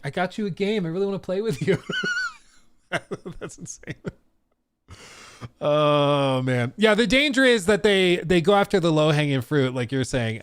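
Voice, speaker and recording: A man's voice: mid-range voice, no room sound. A man hosting a casual gaming livestream, talking loosely with many fillers and restarts. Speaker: streamer host.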